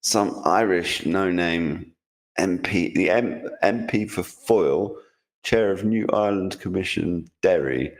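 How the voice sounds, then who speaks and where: Deep-voiced sardonic man. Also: slow pace. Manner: sardonic, reads news posts aloud. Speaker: podcast co-host. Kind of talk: casual chat reading posts aloud.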